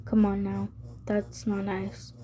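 A woman voicing a calm, protective young man who speaks gently and soothingly. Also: mid-range voice, takes it slowly, a little hiss or hum, natural voice.

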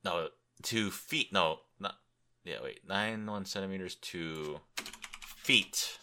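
A man's voice: sits low, slow pace, bright, forceful tone. A young man hosting a podcast alone, tired and rambling, joking crudely and thinking aloud as he looks things up. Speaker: podcast host. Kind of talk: rambling solo podcast chat.

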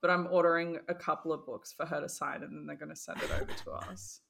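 Young woman, blunt, casual swearing, lowish voice, bright forceful tone. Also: fairly even intonation, quick pace, gravelly. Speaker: podcast co-host. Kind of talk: casual chat.

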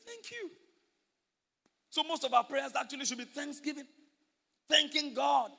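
A man's voice: very high voice, fairly even intonation, moderate pace, gravelly, bright, forceful tone. A male pastor preaching a sermon, emphatic and repetitive, calling out to the congregation for responses. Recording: reverberant hall.

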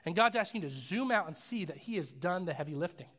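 A pastor preaching a sermon in a loose, casual way, telling stories and acting out voices in them. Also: male voice, high-pitched, quick pace, long reverb tail. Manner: casual, animated storytelling with acted voices. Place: church sanctuary.

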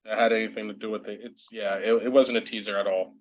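A man co-hosting a podcast in casual chat, relaxed and joking. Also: fairly low pitch, quick pace.

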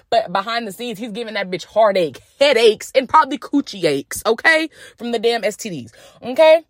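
A woman hosting a podcast, ranting in blunt, profane, animated commentary. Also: on the high side, fairly quick, hardly any pauses, no echo, clean studio sound. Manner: blunt, profane, animated, mocking quoted voices. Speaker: podcast host. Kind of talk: casual commentary rant.

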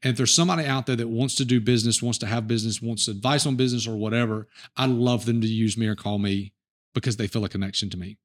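Man, middle-aged, podcast host, casual rambling talk, mid-pitched voice. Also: quick pace. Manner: relaxed, rambling storyteller with restarts. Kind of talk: casual interview chat.

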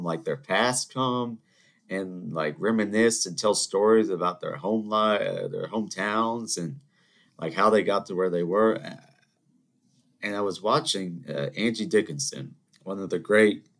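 Deep-voiced man ranting. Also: unhurried. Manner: animated storytelling, rambling asides, mock voices. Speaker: podcast host. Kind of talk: solo ranting monologue.

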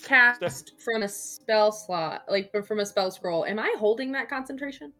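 A woman's voice: mid-range voice, unhurried, pushed and bright, faint music behind. A woman playing a tabletop game, checking spell rules aloud in an unsure, casual way. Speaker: player.

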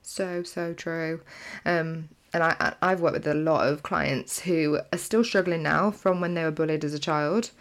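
A woman's voice: low-pitched, steady tone, moderate pace. A woman co-hosting a podcast in casual chat, talking freely and laughing often. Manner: chatty, laughs often, uses "like" a lot. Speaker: podcast co-host.

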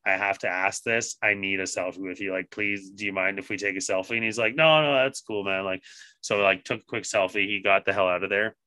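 A man on a podcast telling a story casually, swearing constantly and animated in his retelling. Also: fairly low pitch, no room sound. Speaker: podcast co-host.

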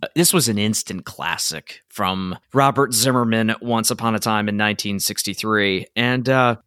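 A man hosting a music podcast, talking in a measured, thoughtful way with occasional fillers. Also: on the low side, a bit bright, clean tone, no room sound, studio quality. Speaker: podcast host. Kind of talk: casual music podcast chat.

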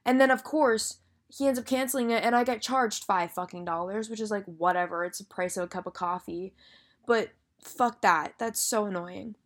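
A woman's voice: medium pitch, moderate pace. A young woman telling a story in a casual monologue, chatty and full of filler words and swearing.

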